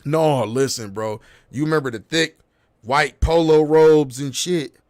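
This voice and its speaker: A man in his thirties telling a long story in casual chat, with animated delivery and heavy street slang, acting out what people said. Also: on the high side, unhurried, no room sound. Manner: animated, profane street slang, acts out quotes. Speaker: podcast host.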